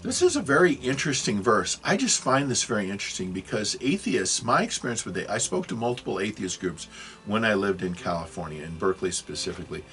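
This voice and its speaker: A man's voice: fairly low pitch, very animated, fast talker, fairly bright tone, slight background noise. A man in his sixties giving a rambling video lecture, often losing his thread and apologizing. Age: 60s. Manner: rambling, self-correcting, apologetic asides. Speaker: religious video teacher.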